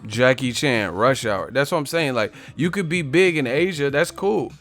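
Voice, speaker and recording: A brash male livestream host who mocks his chat, swearing freely and firing challenges at the viewers. His voice sits at a middle pitch, with faint music playing behind him. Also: expressive, moderate pace, fairly bright tone. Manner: confrontational, profane, mocking. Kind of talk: live-stream chat, roasting commenters.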